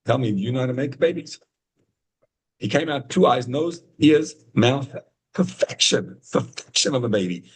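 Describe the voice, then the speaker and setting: A man teaching an informal Torah class over a video call, telling stories with rising, excited emphasis. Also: moderate pace, slight background noise, poor audio. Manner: animated storytelling, rising to high excited emphasis.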